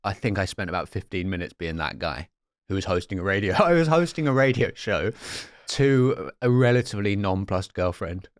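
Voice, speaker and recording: A man's voice: sits low, animated, brisk, few pauses, no echo. A man co-hosting a comedy podcast, telling rambling anecdotes with self-corrections. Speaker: podcast co-host. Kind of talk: casual comedic chat.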